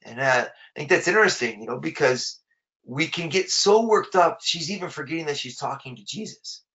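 Bright-voiced male preacher, conversational sermon. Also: fairly high pitch, lively intonation, moderate pace, dull audio. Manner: conversational, repeats words while rephrasing.

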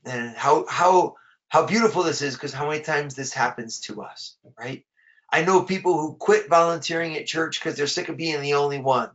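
A man's voice: fairly high pitch, normal speed, fairly bright tone, highs cut off. A man preaching a sermon in a conversational way, often repeating words as he rephrases his thoughts.

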